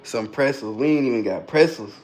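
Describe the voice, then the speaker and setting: A man's voice: mid-range voice, a little fast, noisy background. A man chatting casually on a phone livestream, joking and reading his chat aloud while queasy and burping after a hot sauce shot.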